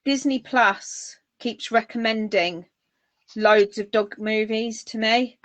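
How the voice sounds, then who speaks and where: A woman's voice: fairly high pitch, steady tone, slow, a bit bright, no echo. A woman with a Northern English accent co-hosting a casual chat, enthusiastic and eager to recommend things. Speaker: podcast co-host.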